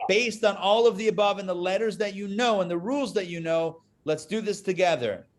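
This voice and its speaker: A man's voice: high-pitched, fairly quick, slight background noise. A man teaching a live online Hebrew reading class, chatty and joking as he drills syllables aloud on a video call.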